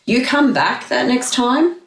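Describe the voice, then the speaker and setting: A woman guest talking about dog behaviour, an animated storyteller in casual chat who swears freely. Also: sits high, a little slow, gravelly, echoey room, far from the mic, poor audio.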